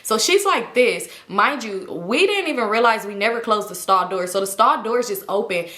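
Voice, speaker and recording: A woman vlogger telling a casual, animated story in slangy talk. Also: fairly high pitch, normal speed. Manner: animated, slangy, acts out quotes. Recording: roomy echo.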